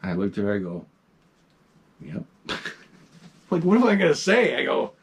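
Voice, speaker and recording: A middle-aged man casually telling a ghost story to his vlog audience, animated and swearing freely. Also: mid-range voice, normal speed, creaky, breathy edge. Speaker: vlog host.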